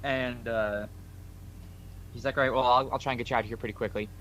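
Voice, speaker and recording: A man's voice: medium pitch, fairly even intonation, fast, fairly bright tone, a little hiss or hum. A man co-hosting a podcast, casually retelling a story full of quoted dialogue. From New York. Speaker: podcast co-host.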